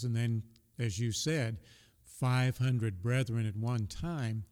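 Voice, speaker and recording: A man's voice: mid-range voice, in a large hall. A man co-hosting a conversational Bible discussion, reading scripture aloud and affirming his partner often. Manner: reads scripture aloud, gives frequent soft affirmations. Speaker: Bible study co-host.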